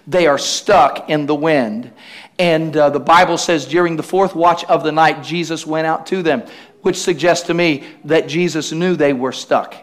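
Guy preaching a sermon, pretty high voice, does call and response with the crowd. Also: fairly even intonation, moderate pace. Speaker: pastor.

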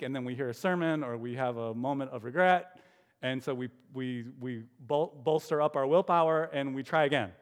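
A man's voice: medium pitch, fairly quick, clear, resonant tone. A man preaching a sermon as pastor, musing aloud with rhetorical questions. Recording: long hall reverb.

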